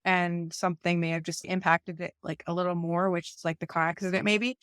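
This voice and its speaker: A woman's voice: fairly low pitch, level tone, a little fast, a bit bright, clean tone, no room sound, clean studio sound. A woman in her forties co-hosting a conversational faith podcast, talking things through with lots of asides and restarts. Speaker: podcast co-host. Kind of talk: casual conversational podcast chat.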